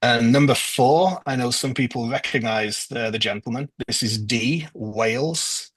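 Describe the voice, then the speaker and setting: A man from northwest England hosting a trivia quiz over a video call, going through the answers casually with frequent ums and pauses. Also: mid-range voice, fairly bright tone, husky, no room sound, poor audio. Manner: hesitant, lots of ums. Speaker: quiz host.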